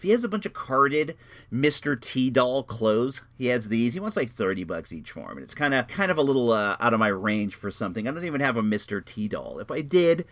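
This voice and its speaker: A man chats on his podcast in a relaxed, rambling way, drifting from one aside to the next. His voice sits at an everyday middle pitch. It is recorded close and dry, with no room sound around it. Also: no echo. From Northern California. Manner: rambling, laid-back, says "dude" a lot. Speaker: podcast host. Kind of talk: casual chat.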